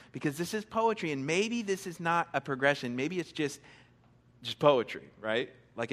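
Young male pastor, slightly high voice, easygoing conversational sermon with humor. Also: a bit bright, in a large hall. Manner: casual, conversational preaching with playful asides and quick bursts. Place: church sanctuary with a stage.

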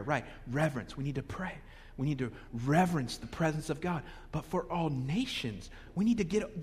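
A man preaching a sermon in a lively, conversational way with humorous asides, recorded with long hall reverb. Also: fairly high pitch, husky. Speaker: pastor.

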